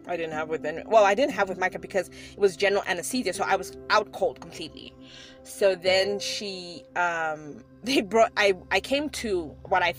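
A woman in her thirties telling a personal story to her viewers in a chatty way, laughing often and restarting her sentences. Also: mid-range voice. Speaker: vlogger. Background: background music.

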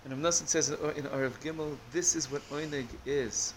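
Animated man teaching a Torah class. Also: a little high, a little fast, a little hiss or hum. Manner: animated, searching for words with many restarts.

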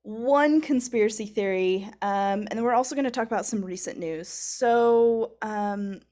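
A woman's voice: mid-range voice, unhurried, a little mellow. A woman co-hosting a podcast, explaining topics in a loose, rambling way with lots of fillers. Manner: rambling, many fillers and giggles. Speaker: podcast co-host. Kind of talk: casual chat.

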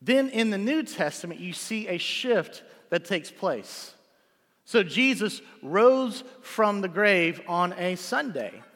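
A man's voice: high voice, expressive, takes it slowly, a bit bright. A male pastor preaching a sermon in a church, reading scripture and talking in a conversational way with frequent "right?" checks. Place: church sanctuary. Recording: long hall reverb.

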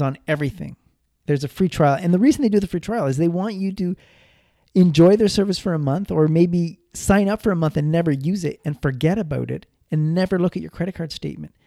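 A man's voice: on the high side, vocal fry, dark tone, no echo, clean studio sound. A man giving casual personal finance advice, rambling with frequent restarts and repeated words.

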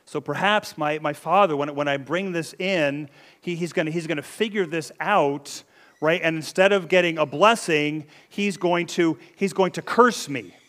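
A man's voice: a little high, normal speed, a bit bright, close to an everyday voice. A man doing worried young Jacob. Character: anxious young man Jacob fearing discovery.

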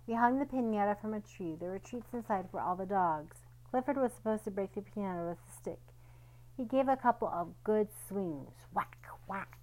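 A woman reads a children's picture book aloud at a middle pitch. Her delivery is gentle and storytelling, and she gives each character a light voice of its own. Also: low-quality recording. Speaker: storybook reader.

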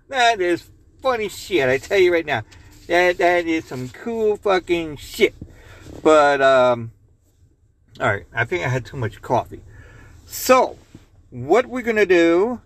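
A man's voice: a little high, animated, slow pace, a bit bright. A man hosting a podcast in casual chat, rambling loosely, swearing and reading a joke aloud. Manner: rambling, loose, swears and laughs at own jokes. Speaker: podcast host.

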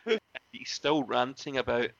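A man, a former wrestling referee, telling animated stories in a casual interview, often laughing and acting out other people's lines. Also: medium pitch, moderate pace, vocal fry, highs cut off. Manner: animated, laughs often, acts out quoted voices.

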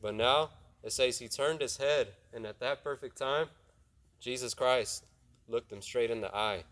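In a casual sermon, a young youth preacher with a medium-pitched, fairly bright voice talks a little slowly. He tells a Bible story in ordinary speech, turns to the audience with questions, and plays out the characters' lines, all in a conversational tone.

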